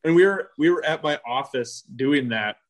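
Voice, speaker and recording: A man who is a hunting guide, a guest on a podcast, telling a teasing, animated story about his friend. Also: fairly high pitch, moderate pace. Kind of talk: casual chat.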